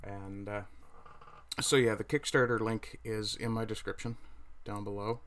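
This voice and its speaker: A man's voice: on the low side, level tone, a little slow, a bit bright. A middle-aged man from Newfoundland with a Newfoundland accent, hosting a casual livestream, rambling and correcting himself as he browses and talks to viewers. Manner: rambling, self-correcting, chatty asides while browsing. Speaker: livestream host.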